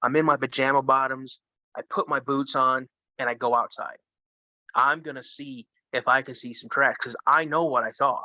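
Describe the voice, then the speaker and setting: Bright-voiced man telling a story. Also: mid-range voice, normal speed, no echo. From Minnesota. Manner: animated, acts out the voices of others. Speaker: guest. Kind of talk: casual storytelling. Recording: dull lo-fi sound.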